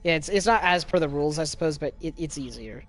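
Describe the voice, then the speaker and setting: A man in casual gaming chat with a monotone voice, explaining game rules with many restarts. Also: fairly high pitch, fast talker, soft background music. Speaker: gamer.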